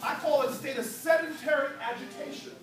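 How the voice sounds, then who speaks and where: A man's voice: extremely high pitch, fairly quick, a bit bright. A man giving a rousing, preacherly speech with playful storytelling, trading call and response with a crowd in a church hall. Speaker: political speaker. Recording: echoey hall, distant mic, crowd.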